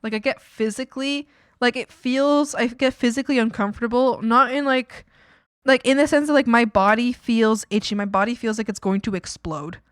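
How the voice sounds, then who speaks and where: A woman's voice: on the high side, moderate pace, clean tone, dry recording, studio quality. A woman streamer chatting casually while she draws, rambling with lots of fillers and frequent giggles. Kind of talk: casual chat while drawing.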